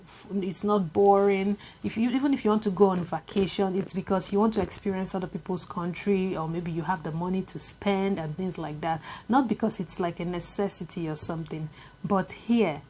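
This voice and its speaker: A woman's voice: mid-range voice, darkish tone, breathy edge. A young woman with a Nigerian accent, chatting casually to camera in a vlog, with many fillers and repetitions. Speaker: vlogger.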